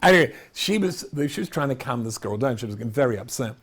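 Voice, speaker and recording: A man in middle age delivers a storytelling lecture as a rabbi, dry and self-deprecating, chuckling at his own punchlines. His voice is slightly husky, and its pitch rises and falls in a lively way. He talks like someone used to holding a room. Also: fast talker. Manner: wry, self-mocking, laughs at his own jokes. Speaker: rabbi giving a talk.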